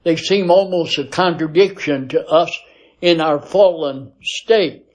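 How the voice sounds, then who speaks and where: Slow, deliberate male Bible teacher. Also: on the high side, a little mellow. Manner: reads scripture aloud in measured King James cadence. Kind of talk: recorded Bible lesson.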